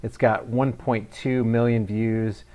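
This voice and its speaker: A man's voice: lowish voice, flat delivery, takes it slowly, mellow. Man giving scornful, emphatic commentary. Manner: mocking, emphatic, with scornful asides. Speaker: reaction video host. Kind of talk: sarcastic political commentary.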